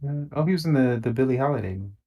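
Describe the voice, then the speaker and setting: A man's voice: medium pitch, lively intonation, rapid-fire, dark tone. A man co-hosting a gaming stream, chatting casually in a laid-back, slangy way with lots of fillers. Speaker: podcast co-host. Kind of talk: casual chat while gaming.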